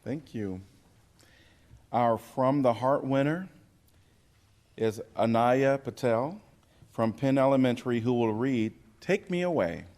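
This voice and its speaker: A man's voice: mid-range voice, takes it slowly, pauses often, darkish tone. A man emceeing a student writing awards ceremony on an auditorium stage, making polite, formal introductions. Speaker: event emcee. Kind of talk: ceremony announcing.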